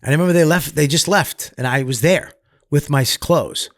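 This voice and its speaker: Profane, animated New comedian telling a story. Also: male voice, fairly high pitch, moderate pace, dry recording, studio quality. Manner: profane, animated, acts out other people's voices loudly. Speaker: comedian guest. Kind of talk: candid storytelling in conversation.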